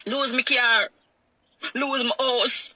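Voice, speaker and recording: A woman's voice: on the high side, fairly even intonation, slow, sharp tone, slight background noise. A middle-aged woman with a Jamaican accent, telling her own painful story in a raw, emotional way and repeating her phrases. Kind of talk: emotional personal testimony.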